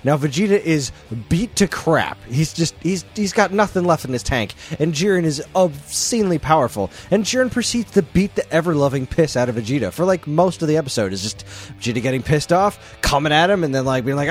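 A man co-hosting a podcast, recapping an episode in an excitable, slangy, casual way. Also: on the high side, a little fast, soft background music. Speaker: podcast co-host.

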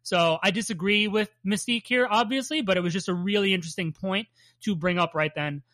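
A podcast co-host recaps a cartoon episode in casual chat, swearing often, laughing and staying animated. Her medium-pitched voice moves a little fast, and the recording is dry.

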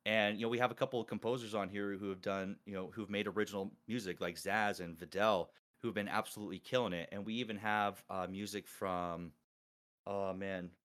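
A man hosting a casual group call, talking excitedly and rambling with many restarts. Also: on the low side, a little fast. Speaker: podcast host and collab organizer.

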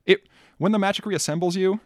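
A man's voice: high-pitched, a little fast, no echo, clean studio sound. A man co-hosting a podcast, casually retelling a film plot in a loose, profane way, full of fillers and restarts. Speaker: podcast co-host.

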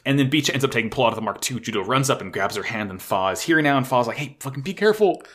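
A man excitedly recapping an anime episode in casual chat, swearing often and gushing like a fan. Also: medium pitch, very fast.

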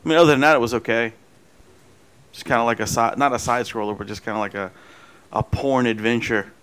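A man's voice: medium pitch, steady tone, a little fast, a bit bright, clear, resonant tone, rough recording. A man hosting a podcast, joking crudely and laughing in casual chat with friends. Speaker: podcast host.

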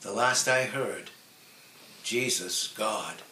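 Slow, earnest male preacher in echoey room. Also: medium pitch. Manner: slow, earnest, drawn-out emphasis with soft trailing phrase endings. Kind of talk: sermon. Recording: echoey room with faint ambient noise.

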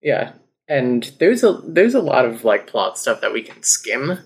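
A man in casual podcast chat, reading passages aloud and laughing along. His voice sits at an everyday middle pitch. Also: sing-song, unhurried, vocal fry, husky. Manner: laughs often, reads passages with an embarrassed amusement. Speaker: guest on a book podcast.

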